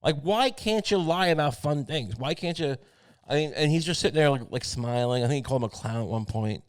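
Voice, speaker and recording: Profane rambling podcast host, dry sound. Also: male voice, on the high side, animated, fairly quick, no echo. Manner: profane, rambling, many restarts. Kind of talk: casual comedic rant.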